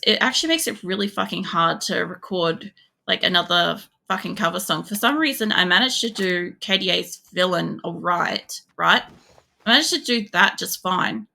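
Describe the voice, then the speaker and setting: A woman's voice: medium pitch, vocal fry, bright, forceful tone. An Australian woman streaming a game, chatting casually in a rambling way, swearing often and filling gaps with fillers. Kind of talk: casual gameplay chat.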